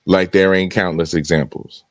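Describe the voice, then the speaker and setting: A man with a very low voice, recorded dry and close. He talks bluntly and sardonically in a casual podcast, chuckling between his points. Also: fairly even intonation, normal speed, dry recording. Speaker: co-host. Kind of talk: casual chat.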